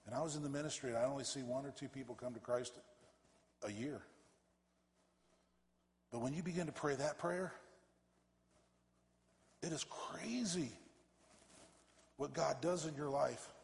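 A man, a pastor, preaching a fervent sermon that swells to loud emphatic peaks and drops back low. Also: measured pace, gravelly, pauses often. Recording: reverberant church hall.

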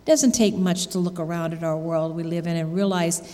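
A woman's voice: fairly low pitch, steady tone, fairly quick, warm tone. Woman, church speaker, heartfelt storytelling, long echoing hall reverb. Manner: heartfelt storytelling, with many restarts. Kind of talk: sermon testimony.

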